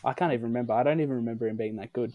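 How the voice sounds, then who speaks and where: A man's voice: mid-range voice, rapid-fire, lo-fi sound, a crowd in the background. A young Australian man co-hosting a podcast, chatting casually in a rambling, hesitant way with many ums. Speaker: podcast co-host. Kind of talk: casual chat.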